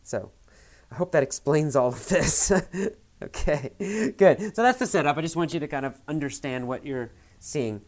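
A man's voice: on the high side, animated, normal speed, a little mellow. A man teaching English, retelling a film scene and restating each idea in simpler words, with hesitant fillers. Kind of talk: explaining a film scene to learners.

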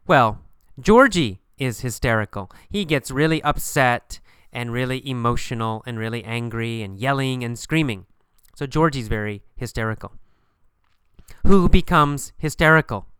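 A man's voice: mid-range voice, sharp tone, smooth, no room sound, clean studio sound. A man teaching a lesson, asking questions and answering them himself, over and over with emphasis. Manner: asks and answers his own questions, repetitive, emphatic. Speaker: English teacher.

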